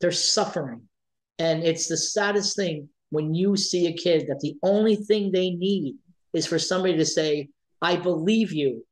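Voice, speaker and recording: A man's voice: fairly high pitch, normal speed, a little mellow, low-quality recording. Passionate man speaking up for kids. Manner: passionate, emotional, emphatic repetition. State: emotional, near tears. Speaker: advocate for trans youth. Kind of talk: interview guest.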